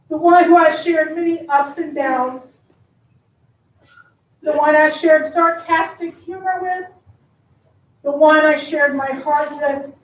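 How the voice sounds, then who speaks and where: A woman from Kentucky giving an affectionate memorial tribute speech, often laughing between lines. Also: sits high. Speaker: eulogy speaker. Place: memorial service venue. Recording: echoey, distant, muffled room sound.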